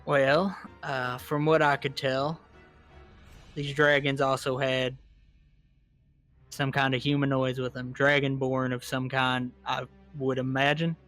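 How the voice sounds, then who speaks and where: A man playing his character in a tabletop game with a put-on American Southern accent, speaking in halting, hesitant phrases. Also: medium pitch, level tone, a bit bright, faint music behind. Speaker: player.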